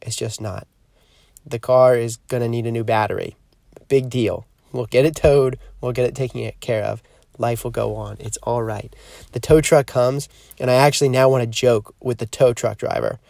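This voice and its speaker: A man gives a reflective spiritual teaching on his podcast with a gravelly edge to his voice. His pitch sits in an ordinary middle range. He sounds earnest and measured, easing the pace whenever he wants a point to land, and the sound is dry with no room around it. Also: fairly even intonation, a little mellow, dry recording. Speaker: podcast host.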